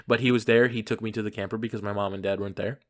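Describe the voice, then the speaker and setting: A young man hosting a podcast over a call, telling crude stories in a rambling way with loud outbursts. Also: fairly low pitch, steady tone, very fast. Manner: crude, rambling storytelling with bursts of loud exclaiming. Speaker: podcast host. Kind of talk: casual podcast chat. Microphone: remote call.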